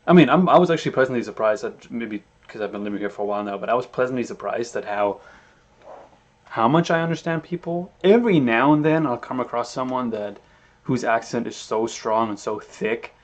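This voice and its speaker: A man's voice: medium pitch, a little fast. A young German man living abroad, chatting casually and rambling as he reacts to a video from his home webcam setup. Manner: relaxed, rambling, many restarts.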